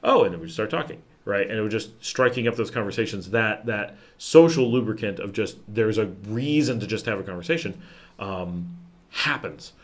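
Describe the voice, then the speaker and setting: A man from the United States with a fairly low-pitched voice hosts a casual live question-and-answer stream. He rambles easily from point to point, with many fillers and self-corrections, and his voice sinks quieter at the ends of phrases. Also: expressive, normal speed. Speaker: livestream host answering viewer questions.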